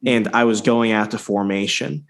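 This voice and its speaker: A man's voice: fairly low pitch, moderate pace, gravelly. Man telling a profane story. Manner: loose, profane storytelling with many restarts. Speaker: podcast host. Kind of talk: casual podcast chat.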